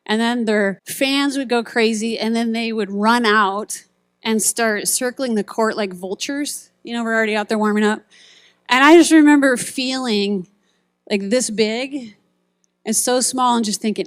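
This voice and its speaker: A woman's voice: a little high, normal speed, dry recording. A middle-aged woman giving a sermon at a retreat, telling stories and acting out quoted voices and buzzer sounds. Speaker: speaker at a ministry retreat.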